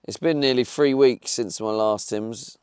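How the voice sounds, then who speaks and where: A man's voice: medium pitch, a little slow, a little mellow, smooth, no room sound. A young man streaming live from his van, chatting casually and bantering with his viewers. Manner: chatty, swears, talks back to chat.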